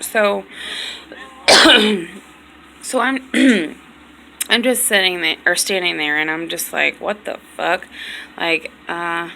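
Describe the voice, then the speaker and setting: A woman's voice: lowish voice, creaky, pushed and bright, slight background noise, poor audio. A woman vlogger telling a long story casually, rambling, full of "like" and swearing, sounding tired and hurt. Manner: rambling, heavy on "like", frequent swearing.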